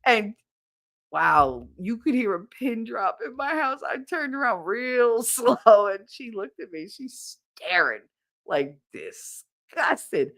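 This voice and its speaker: A woman's voice: fairly high pitch, slow. A middle-aged woman hosting a podcast, telling stories in a casual livestream chat with viewers. She laughs often and swears freely. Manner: animated, laughing storyteller who swears freely. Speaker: podcast host.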